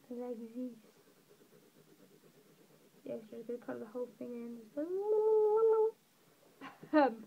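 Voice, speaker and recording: In a casual colouring voice-over, a southeast English teenage girl meanders through her tutorial, laughing at herself along the way. Her voice is a little high and gravelly. The audio sounds narrow and tinny, with slight hiss or hum.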